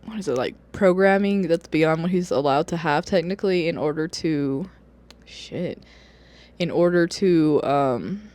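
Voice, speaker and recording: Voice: medium pitch, measured pace, a little mellow. A book vlogger in casual review chat, talking loosely with lots of fillers, swearing and bursts of laughter. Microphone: camera or phone on a wobbly stand.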